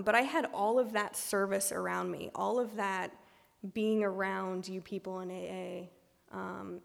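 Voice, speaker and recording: A woman's voice: mid-range voice, gravelly, long reverb tail. A woman giving a candid, self-deprecating personal recovery talk, full of ums and restarts. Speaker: speaker sharing her recovery story at a meeting.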